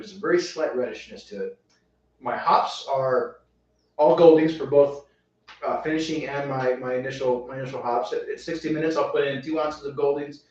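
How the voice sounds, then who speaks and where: A man walks through his brewing plans in a relaxed, rambling chat, restarting his phrases as he goes. He sits well back from the mic. The room is very echoey and the sound is dull. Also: mid-range voice. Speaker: homebrewing show host. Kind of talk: casual chat. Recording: roomy, distant, dull sound.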